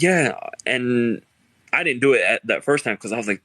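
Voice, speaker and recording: A young man with a medium-pitched, slightly bright voice talks fast on a dry recording. He hosts a casual chat podcast, telling loose, laid-back stories packed with filler words and frequent laughter.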